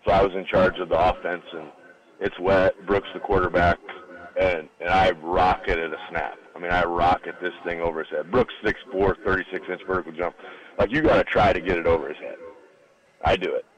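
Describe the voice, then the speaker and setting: A man with a lower voice tells a long anecdote as a radio guest. He is middle-aged and acts out the people in his story, jumping up in pitch when he quotes them. It is a casual, chatty interview. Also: steady tone, fairly quick, muffled recording. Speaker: guest, former college football lineman. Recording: radio broadcast studio.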